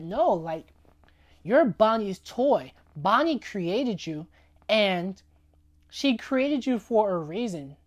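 A woman giving a casual faith talk, speaking conversationally and often checking in with "right?". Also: on the high side. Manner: conversational, keeps asking "right?" and "you know what I'm saying?".

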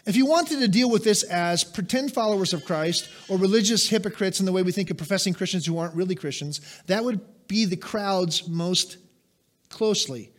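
A high-pitched male pastor delivering a sermon. He leans hard into key words, then eases into conversational remarks to his listeners, as if mid-teaching. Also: a little fast. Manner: emphatic, rises and drops sharply for stress; conversational asides to the congregation.

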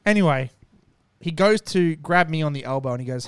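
A man's voice: fairly high pitch, brisk, smooth, no room sound. A man casually telling a long, profane story and acting out what people said. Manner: animated, profane, acts out quotes.

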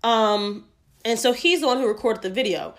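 A woman's voice: a little high, normal speed. A woman hosting a solo podcast, speaking emphatically and outspokenly and swearing freely. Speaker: podcast host.

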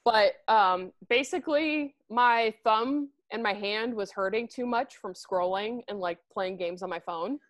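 A woman in her twenties in casual chat with a friend, relaxed and swearing casually. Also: medium pitch, measured pace, hardly any pauses.

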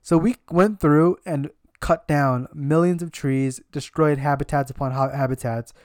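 A woman's voice: low-pitched, steady tone, measured pace, a little mellow, no echo, studio quality. A woman chatting casually as co-host, joking and swearing freely. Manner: jokey, swears freely, slips into put-on street voices. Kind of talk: casual chat.

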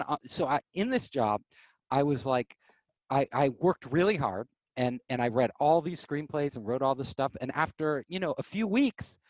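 A man telling stories as an interview guest, animated, acting out quoted voices. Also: medium pitch, no room sound, dull audio. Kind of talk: casual storytelling.

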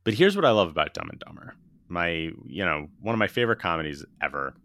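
A man's voice: low-pitched, very animated, fast, a bit bright. A man co-hosting a casual movie podcast, retelling film scenes with enthusiasm and the odd swear. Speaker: podcast co-host.

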